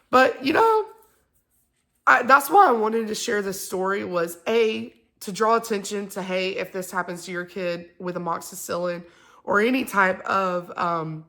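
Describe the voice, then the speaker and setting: A woman's voice: lowish voice, pushed and bright. A mother, telling a story to the camera in a rambling, heated way full of fillers. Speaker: mother and vlogger.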